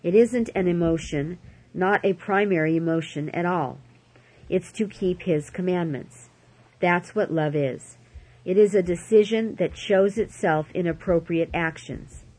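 Woman scripture reader. Steady, measured delivery. Husky, lower voice. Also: low-quality recording. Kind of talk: reading scripture and commentary aloud.

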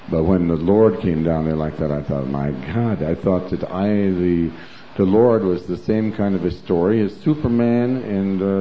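A man's voice: deep voice, slight background noise. A man giving an emphatic, rambling personal testimony as a preacher, full of asides like "you know". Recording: roomy, dull lo-fi recording.

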